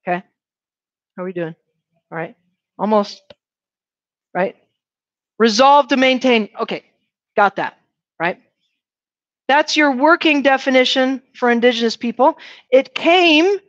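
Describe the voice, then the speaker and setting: A woman whose voice sits high lectures a university class with lively energy, often checking in with "right?" and asking her students questions. The dull, dry classroom recording has no echo.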